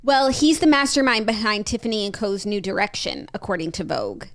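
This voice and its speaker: A woman's voice: mid-range voice, expressive, fairly quick, creaky. A young woman co-hosting a podcast, chatting casually with easygoing, wry reactions. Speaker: podcast co-host. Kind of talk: casual chat.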